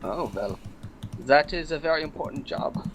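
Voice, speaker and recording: A man's voice: fairly high pitch, expressive, normal speed, background noise, close to an everyday voice. A man playing a stiff, formal bounty hunter in a tabletop game, with stilted, polite phrasing. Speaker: player.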